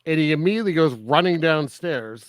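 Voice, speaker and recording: A man's voice: a little high, a little fast, no room sound. Laughing man in a dry podcast chat. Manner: laughs often, animated and joking. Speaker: podcast co-host. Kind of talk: casual film review chat.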